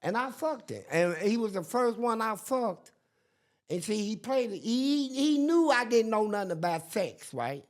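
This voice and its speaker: An older man, a guest in a casual chat, tells a story with animation and acts out the people he quotes in different voices. His voice sits high and moves a little slowly.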